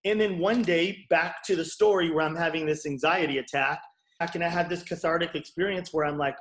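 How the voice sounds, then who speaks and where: A man's voice: on the high side, fairly even intonation, brisk, a bit bright, roomy sound. A man in his forties, a chiropractor and bodyworker, telling his story frankly in an interview and swearing casually. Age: 40s.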